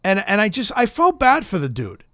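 A man's voice: high-pitched, wildly swooping pitch, normal speed, bright, forceful tone, no echo, studio quality. A middle-aged man telling a story in casual chat, profane, rambling and heated.

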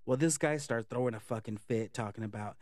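A man's voice: medium pitch, brisk, dry recording, studio quality. Chatty, cussing man telling a story. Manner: chatty, profane, animated, lots of "um" and "like". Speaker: vlogger. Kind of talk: casual storytelling vlog.

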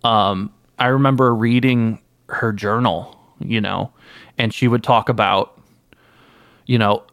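A man playing a guest in an improvised comedy interview, telling absurd stories with mock-earnest deadpan. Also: on the low side, takes it slowly, dry recording, clean studio sound. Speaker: guest playing an anime creator.

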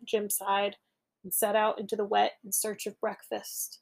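A woman reading a children's picture book aloud, narrating gently and steadily. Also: mid-range voice, completely flat delivery, measured pace, gravelly, husky. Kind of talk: storybook read-aloud.

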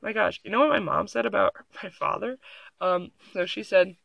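A young adult vlogger records into a phone at home, reading an article and tossing in casual, sarcastic, giggly, rambling reactions. The mid-range voice is gravelly and moves at a moderate pace; the recording is dry, with the highs cut off.

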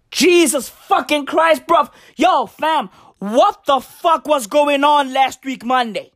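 A woman delivering a profane comedic rant to camera, full of slang like "bruv" and "fam," with sudden shouted outbursts and big leaps in pitch. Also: dry recording, clean studio sound. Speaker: comedic vlogger.

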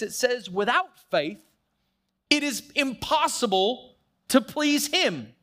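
A man with a notably high voice preaches with conviction, leaning hard on key words and drawing them out slowly. Now and then he drops lower to act out a short quoted prayer. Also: sharp tone. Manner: emphatic preaching, slowing down to stress key phrases. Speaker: pastor. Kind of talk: sermon.

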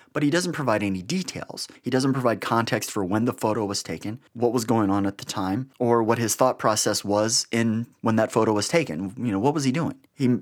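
A man hosting a podcast, giving blunt, sarcastic political commentary with an exasperated edge. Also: mid-range voice. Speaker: podcast host.

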